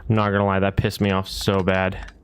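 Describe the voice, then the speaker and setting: A man's voice: deep voice, completely flat delivery, a little fast, a little hiss or hum. A man casually talking to himself while streaming a building game, muttering over his plans and grumbling about things going wrong. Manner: muttering to himself while planning, annoyed at bugs. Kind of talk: casual gameplay commentary.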